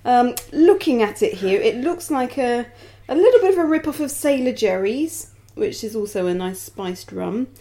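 A woman from England co-hosting a casual podcast, easygoing and dry, slowing down when reading aloud. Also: on the high side, expressive, warm tone. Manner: easygoing, dry, reads labels aloud slowly. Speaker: podcast co-host. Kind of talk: casual chat.

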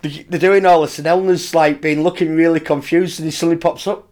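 A man's voice: fairly high pitch, fairly even intonation, fairly quick, darkish tone. A man, co-hosting a casual podcast chat about a TV episode, laid-back and hesitant, often trailing off mid-sentence. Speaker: podcast co-host.

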